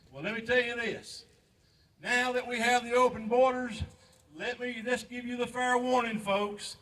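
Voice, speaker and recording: A man's voice: high voice, brisk, a bit bright, distant mic. Older man preaching outdoors. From United States. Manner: preachy, pleading, repeats lines for emphasis. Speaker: veteran speaker at a memorial ceremony. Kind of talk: impassioned patriotic speech. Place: outdoor memorial park.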